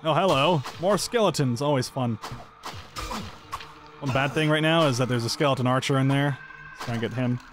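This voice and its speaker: A man's voice: medium pitch, normal speed, pauses often, over music. A man giving upbeat, chatty let's-play commentary, thinking aloud as he plays. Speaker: gameplay commentator.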